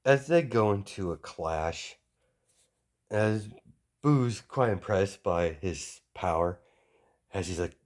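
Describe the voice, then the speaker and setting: Brief: low-voiced man slowly rambling through a fan story, halting. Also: animated, a little mellow. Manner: hesitant, many fillers and restarts, chains clauses with "as". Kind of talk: improvised fan-story narration.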